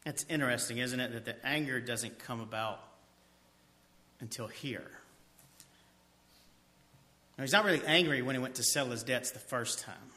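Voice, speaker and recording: Bright-toned guy preaching, reads a verse then asks the room and answers himself, goes soft and quiet on the big points. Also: normal speed, pauses often. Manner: drops to a soft low voice on key points. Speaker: pastor. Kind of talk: expository sermon.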